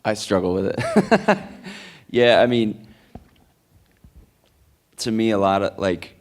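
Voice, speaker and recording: Low-voiced male speaker, earnest and rambling Q&A answers, lots of "like"s. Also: big pitch swings, slow. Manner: earnest, rambling, many likes and restarts. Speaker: conference speaker. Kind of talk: Q&A answer, storytelling. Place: conference hall.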